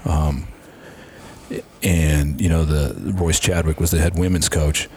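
A man's voice: extremely low pitch, steady tone, takes it slowly, warm tone, a little hiss or hum. A middle-aged man, a strength and conditioning coach, earnestly telling career stories in an interview and acting out past conversations. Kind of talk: casual interview storytelling.

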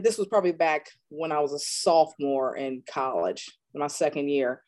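A woman in her thirties from North Carolina, a strength and conditioning coach, casually telling stories in an interview and acting out the people she quotes. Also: normal speed. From North Carolina, USA. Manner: animated, acts out quoted dialogue with big pitch jumps.

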